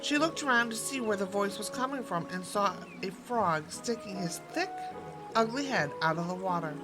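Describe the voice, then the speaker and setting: A woman reading a fairy tale aloud, expressive and gently paced, in a mid-range voice. Clear background music runs under her narration. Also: medium pitch, normal speed. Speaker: storyteller.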